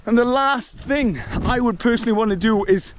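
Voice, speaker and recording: A man's voice: very high voice, moderate pace, slight background noise. A young adult man vlogging outdoors while walking in the rain, giving an earnest, motivational rant and sounding out of breath. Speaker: travel vlogger. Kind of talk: walking vlog monologue. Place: outdoors on a hillside walk in the rain.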